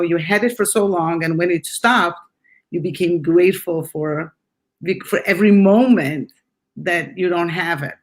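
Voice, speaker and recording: Enthusiastic woman hosting an interview. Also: fairly low pitch. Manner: emphatic, enthusiastic, repeats words when starting sentences. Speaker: podcast host and retreat leader. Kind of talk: conversational interview.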